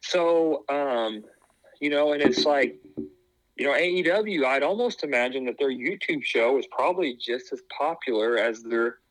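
A man's voice: medium pitch, moderate pace, dry recording, poor audio. Rambling man chatting on a podcast. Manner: rambling, many fillers and restarts. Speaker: podcast co-host, former wrestling tryout. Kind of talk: casual chat.

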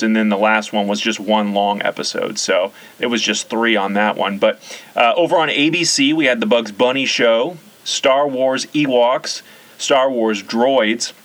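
A man's voice: on the low side, measured pace. A man in his forties, from the central United States, hosting a casual nostalgic conversation and rattling off lists. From US Central region. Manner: rattles off lists, chatty and relaxed. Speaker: podcast host.

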